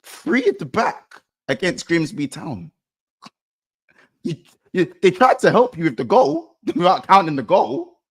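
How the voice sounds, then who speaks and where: A man's voice: big pitch swings, a little slow, slightly rough. Blunt man venting about football. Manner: low, blunt, slang-heavy venting. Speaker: football channel co-host. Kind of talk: casual football chat over a call.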